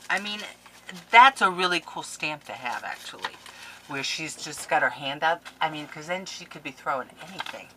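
A woman's voice: sits low, animated, normal speed, bright, forceful tone, a little hiss or hum, rough recording. A woman scrapbooking vlogger opening a package on camera, gushing and playfully melodramatic in a casual chat. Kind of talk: casual unboxing vlog.

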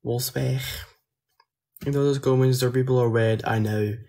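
A man's voice: medium pitch, steady tone, a little slow, gravelly, dark tone. Young man chatting on a phone live stream. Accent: Belgian French. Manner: reads comments aloud and answers, switching between English and French. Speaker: livestreamer answering viewer comments. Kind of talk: casual live-stream chat.

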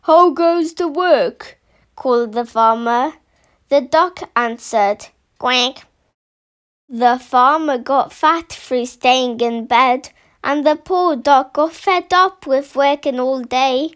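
Brief: woman storyteller, high voice, unhurried, rhythmic picture-book read-aloud. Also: clean tone.

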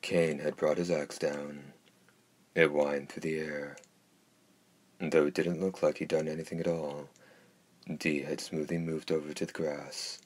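A man narrating a dark fantasy audiobook with a steady, measured delivery. His voice is extremely deep and husky, and his intonation stays flat. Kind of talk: scripted narration.

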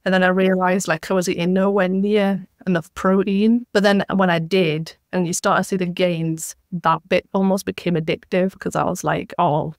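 A woman's voice: on the low side, steady tone, normal speed, hardly any pauses, no room sound, clean studio sound. A young woman, a podcast guest, chatting casually and acting out what people said to her. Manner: chatty storyteller, acts out quoted exchanges.

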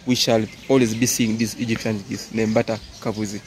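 A man's voice: on the low side, level tone, brisk. A man from Uganda with a Ugandan accent, working as a tour guide and explaining animals outdoors at a zoo, often checking in with "okay?". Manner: explanatory, repeats key points, asks "okay?" often. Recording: noisy outdoor recording. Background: outdoor ambience, animal sounds.

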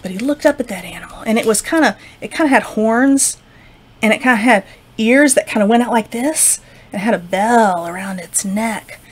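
A woman librarian telling a folktale to children, expressive, with whispers and sound effects. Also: fairly high pitch, normal speed, breathy edge. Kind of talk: children's storytime narration.

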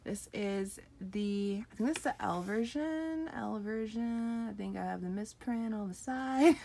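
A young woman unboxing an album on camera, gushing and giggling with lots of excited exclamations. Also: mid-range voice, measured pace, vocal fry, few pauses. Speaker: unboxing vlogger. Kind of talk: excited casual unboxing chat.

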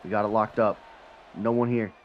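A man giving live commentary on his own football video game, muttering one moment and shouting and swearing the next. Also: normal speed, muffled recording. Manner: swings from low mutter to excited yelling, swears when frustrated. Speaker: gaming channel host.

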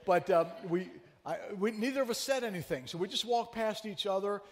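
Pastor guy preaching, high voice, chatty storyteller, big church reverb. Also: brisk. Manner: conversational, animated storyteller who teases the congregation. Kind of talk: sermon with storytelling. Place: church sanctuary.

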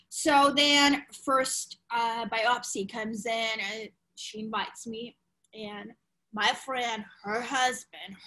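A woman, a podcast guest frankly telling a personal story in animated, loose English. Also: a little high, poor audio. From Ukraine. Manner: animated, frank, swears casually, non-native grammar.

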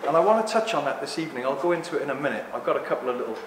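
A man giving a rambling, joking live talk to an audience, speaking loudly without a microphone. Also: fairly high pitch, lively intonation, rapid-fire. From Greek heritage. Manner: jokey, rambling, loud. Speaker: guest speaker. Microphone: no microphone, room recording. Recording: echoey room with background noise.

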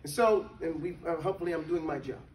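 A man's voice: a little high, fast, darkish tone, a little hiss or hum. A man teaching a religious class, checking in with his students and chanting verses to drill them. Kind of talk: interactive classroom lesson. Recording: echoey room from a distant mic.

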